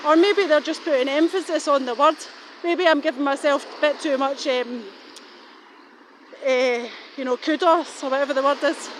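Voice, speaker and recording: Woman, middle-aged, high voice, rambling and suspicious, filmed while out walking. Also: normal speed, a little hiss or hum. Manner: rambling, suspicious, swears casually. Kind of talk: rambling walking vlog monologue. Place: outdoors, walking.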